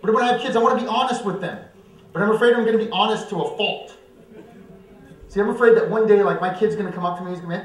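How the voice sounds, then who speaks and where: Animated man doing stand-up. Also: sits high, fast talker, long pauses. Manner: animated, self-mocking, acts out voices. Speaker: stand-up comedian. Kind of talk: live stand-up comedy. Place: church coffeehouse stage. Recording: roomy hall, mic far off.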